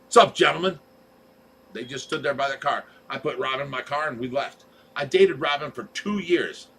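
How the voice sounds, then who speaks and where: A man's voice: mid-range voice, fairly quick, fairly bright tone, a little hiss or hum. A man hosting a livestream, telling a story in casual chat and laughing often. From Ohio. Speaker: livestream host. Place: home fish room.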